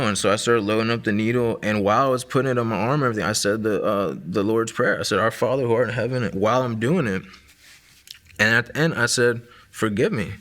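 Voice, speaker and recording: A man in his late twenties from Maryland, USA, appears as a guest sharing his personal testimony. His voice is lowish and fairly bright, and he talks fast. He tells the story casually, with lots of fillers, "likes," and restarts.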